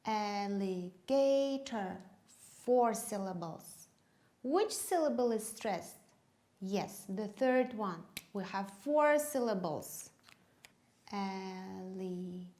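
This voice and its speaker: Slow, clear woman teaching English. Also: on the high side, very animated, a little mellow. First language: Kyrgyz. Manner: slow, clear, emphatic drilling of words. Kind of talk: teaching demonstration.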